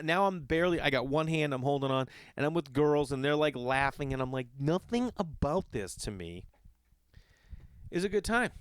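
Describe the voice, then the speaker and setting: In a casual podcast monologue, a male host spins a rambling travel story, cursing freely and acting out the voices of the people involved. His mid-range voice has a clean tone, recorded in a clean studio with no room sound.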